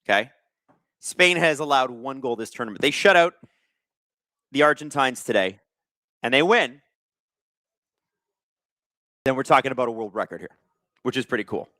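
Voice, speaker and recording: A man's voice: mid-range voice, animated, moderate pace, long pauses, bright, forceful tone, no room sound. A young man hosting a live watch-along stream, chatting casually and reading out viewer comments with jokes. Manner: chatty, reads viewer comments aloud, joking. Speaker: livestream host.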